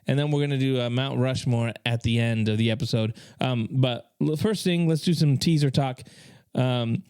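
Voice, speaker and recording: A man's voice: mid-range voice, moderate pace, darkish tone, clean tone, dry recording, clean studio sound. A man hosting a casual podcast chat, joking around and slipping into comic voices when he quotes people. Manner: playful, puts on comic voices in quoted bits. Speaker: podcast host.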